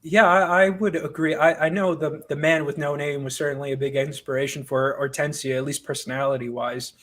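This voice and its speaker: A man with a fairly high voice, speaking as the guest writer in a casual interview. He tells stories with lively, self-mocking energy, his voice jumping up when he gets excited. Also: brisk. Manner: animated, self-mocking storyteller. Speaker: comic book writer, guest.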